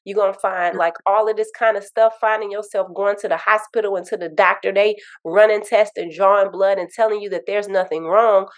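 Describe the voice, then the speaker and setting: A woman grief coach talking in an interview, earnest and animated, telling stories and repeating affirmations. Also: mid-range voice, a little fast, few pauses. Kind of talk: interview conversation.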